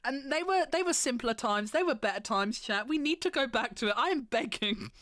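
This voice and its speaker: A woman's voice: a little high, animated, brisk, fairly bright tone, no room sound, clean studio sound. A woman streamer ranting in casual chat, sweary and sarcastic, slipping into mocking voices.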